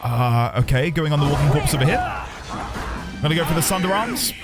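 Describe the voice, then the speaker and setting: A man streaming live gameplay, talking excitedly and shouting at the action. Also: a little high, a little fast. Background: loud game music.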